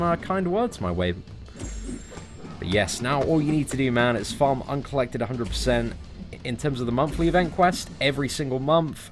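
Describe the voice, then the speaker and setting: A young man casually commentating his mobile game live, chatty and jokey, thanking viewers as he plays. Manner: chatty, jokey, lively pitch jumps when excited. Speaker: gaming livestream host. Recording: faint music behind.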